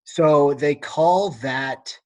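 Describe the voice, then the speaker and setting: A man with an American accent, co-hosting a casual book podcast and quizzing his friend in a relaxed, chatty way. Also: a little high, extremely slow. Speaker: podcast co-host. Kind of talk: casual chat.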